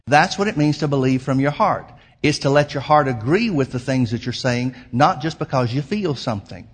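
Husky-voiced man preaching a sermon. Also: medium pitch, animated. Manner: emphatic preaching, slows down to quote scripture. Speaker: pastor.

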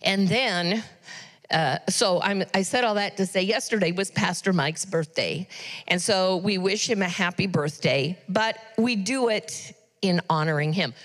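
A woman's voice: medium pitch, unhurried. Earnest middle-aged woman in a reverberant church. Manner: chatty and earnest, with frequent ums and asides. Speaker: church announcer. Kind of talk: church announcements from the pulpit. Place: church sanctuary. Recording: long reverb of a church hall.

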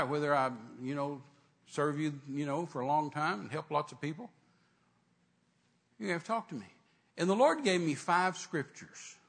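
A man's voice: a little high, a bit bright. A man preaching a sermon, retelling a conversation and acting out the dialogue. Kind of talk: sermon storytelling.

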